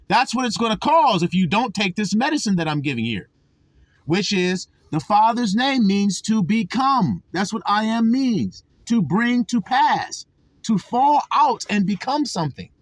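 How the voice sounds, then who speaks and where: Emphatic and sermon-like, this religious teacher speaks in a high voice, lingering on key words and asking his audience again and again if they see it. The recording has no echo.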